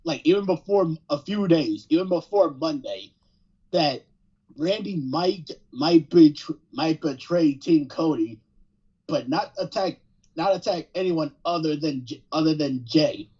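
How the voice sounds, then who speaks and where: Brief: excitable guy, husky breathy voice, lo-fi dull mic. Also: fairly high pitch, a little slow. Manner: excitable, stumbling restarts. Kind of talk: casual chat.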